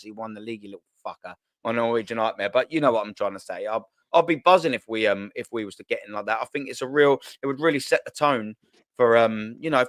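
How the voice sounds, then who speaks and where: A man's voice: medium pitch, dry recording. A man hosts a casual football chat, rambling on in cheeky banter and swearing freely. His voice sits in a middle range, recorded close and dry with no room sound. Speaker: host.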